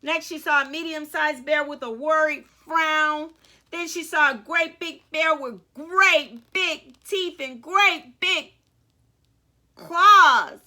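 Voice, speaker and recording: A woman author reading a story aloud to children, animated and speaking directly to young listeners. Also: high-pitched, slow.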